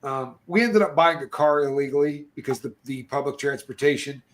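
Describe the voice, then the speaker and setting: A man's voice: medium pitch, brisk. A middle-aged man telling prison stories in a casual chat, acting out other people's lines as he goes. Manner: animated storyteller, acts out other people's lines. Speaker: podcast guest.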